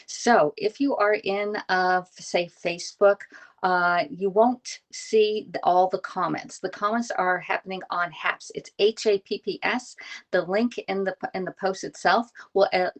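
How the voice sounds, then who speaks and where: Chatty woman in her fifties. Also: on the low side. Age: 50s. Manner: chatty, greets viewers by name, keeps checking in with "okay?". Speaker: live-stream host demonstrating recipes. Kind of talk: casual live-stream cooking demo. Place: home kitchen. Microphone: phone camera on a stand.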